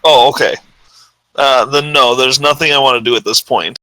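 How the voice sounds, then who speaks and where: A man's voice: mid-range voice, moderate pace, a crowd in the background, poor audio. A man playing a tabletop game who talks in a hesitant, hedging way. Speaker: player. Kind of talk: casual tabletop play.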